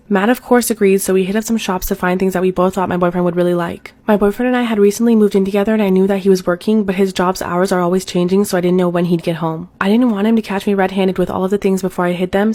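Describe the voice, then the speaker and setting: A woman with a mellow, darker voice narrates a written story at a fast clip. Her reading is smooth and even, with no fillers. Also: mid-range voice.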